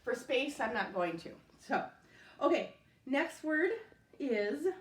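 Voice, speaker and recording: Woman in her thirties, patient spelling teacher; slow, clear, step-by-step delivery; roomy echo, recorded at a distance. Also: high-pitched, lively intonation. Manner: slow, patient, sounds out words letter by letter. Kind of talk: recorded remote spelling lesson. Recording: echoey room, voice off-mic.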